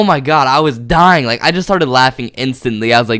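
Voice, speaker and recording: A man's voice: medium pitch, a little fast, few pauses, fairly bright tone, clean tone, no room sound, clean studio sound. A young man, a gaming YouTuber, tells a story in a casual, rambling way, full of "uh" and "like" and chuckling as he goes.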